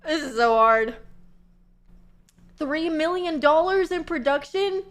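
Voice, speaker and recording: High-voiced giggly streamer woman. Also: expressive, slow pace, fairly bright tone. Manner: giggly, chatty, lots of fillers and swearing. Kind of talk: casual chat with stream chat.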